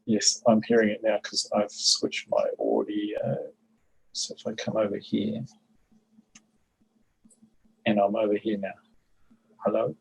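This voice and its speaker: A man's voice: lowish voice, unhurried, creaky, long pauses, darkish tone, a little hiss or hum, rough recording. A man on a casual livestream, muttering to himself while he fiddles with his tech.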